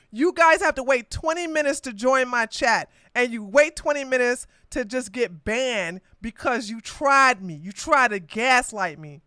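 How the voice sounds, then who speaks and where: A woman hosting a livestreamed political podcast, with a high, bright, clear voice. She is combative and mocking and laughs often. The sound is dry and close. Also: dry recording. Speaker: podcast host.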